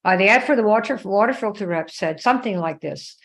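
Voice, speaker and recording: A woman's voice: medium pitch, animated, quick pace, hardly any pauses. A woman hosting a live stream, telling a story in a conversational way, checking in with viewers by name and acting out quoted dialogue in her own voice. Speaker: live show host.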